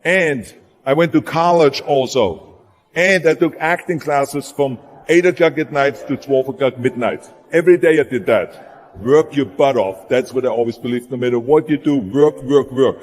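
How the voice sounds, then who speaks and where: A man's voice: medium pitch, normal speed. A man with a German accent giving a motivational speech, emphatic and repeating words for punch. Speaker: motivational speaker. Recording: long hall reverb with music behind.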